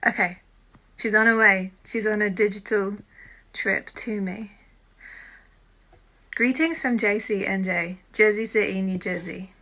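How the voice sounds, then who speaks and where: British woman, live-stream host, bright tone, self-deprecating chatter into a phone mic. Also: medium pitch, steady tone, measured pace. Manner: chatty and self-deprecating, with quiet muttered asides. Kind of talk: casual live-stream chat.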